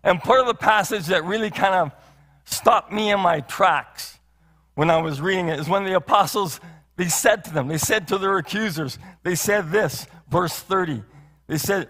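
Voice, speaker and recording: Long hall reverb fills the church sanctuary as a male pastor with a high, slightly bright voice preaches at normal speed. His earnest sermon relies on many rhetorical questions and repeated phrases.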